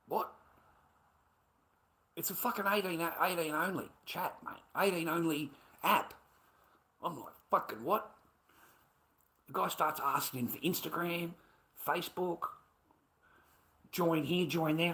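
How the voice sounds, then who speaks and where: A man's voice: fairly high pitch, normal speed, long pauses, sharp tone. A middle-aged man livestreaming, rambling in casual chat with heavy swearing and an agitated, repetitive way of talking.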